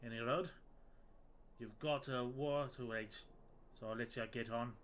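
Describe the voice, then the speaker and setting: A man voicing a blunt, worried male mercenary captain in a put-on rough British-style accent, reading game dialogue in a gruff, slangy way. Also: mid-range voice, fairly even intonation, a little slow, fairly bright tone, a little hiss or hum, natural voice. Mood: gruff, confiding.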